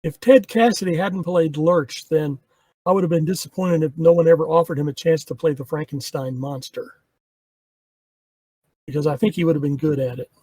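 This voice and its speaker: Anecdotal male podcast co-host; high, breathy voice, dry recording. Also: steady tone, moderate pace, dark tone, no room sound. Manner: storytelling, anecdotal. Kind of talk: casual commentary with trivia anecdotes.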